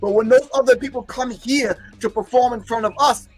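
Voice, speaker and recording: High-voiced emphatic male commentator. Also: steady tone, brisk, slightly rough, soft background music. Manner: emphatic, preaching, repeating key phrases. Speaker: host commenting on archival clips. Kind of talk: commentary on a recorded lecture.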